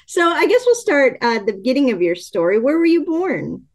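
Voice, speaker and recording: A woman hosting an interview, enthusiastic and quick to laugh as she asks her questions. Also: high-pitched, sing-song. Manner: enthusiastic, giggly, fangirling. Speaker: podcast host, interviewer. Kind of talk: casual interview.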